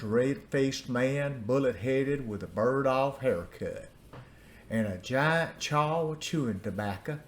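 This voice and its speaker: An older man with an Appalachian accent telling a folksy story in an unhurried, homespun way. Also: mid-range voice. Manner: folksy, drawn-out story delivery. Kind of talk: storytelling narration.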